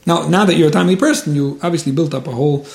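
A man gives religious advice in a casual, earnest way, repeating and restarting his words as he goes. His voice is mellow and he talks quickly. The recording carries a roomy echo. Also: a little high, vocal fry.

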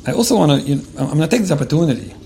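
A man talks quickly and earnestly, handing out relationship advice in a loose, conversational way. His voice is dark and mellow with plenty of gravelly fry, and he often circles back to restart a phrase. Religious Jewish terms slip into his talk. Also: fairly high pitch, very animated, a little hiss or hum.

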